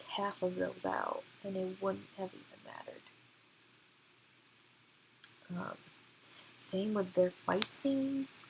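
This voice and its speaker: A woman's voice: medium pitch, gravelly, slight background noise, rough recording. A woman ranting casually in a book review, rambling with many fillers and often dropping to a near-whisper. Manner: rambling, filler-heavy, often drops to a hush.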